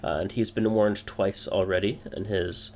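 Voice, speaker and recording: A man's voice: fairly low pitch, fairly even intonation, normal speed, sharp tone, a little hiss or hum. A man voicing a pompous, boisterous male thieves' guild boss in a tabletop game, speaking in a formal, grand manner. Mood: grandly menacing.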